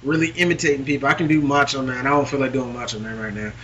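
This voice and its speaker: A man's voice: mid-range voice, steady tone, fast, a bit bright, muffled recording. A man chatting casually about wrestling as a podcast co-host, rambling with lots of fillers. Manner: rambling, many fillers, laughs often.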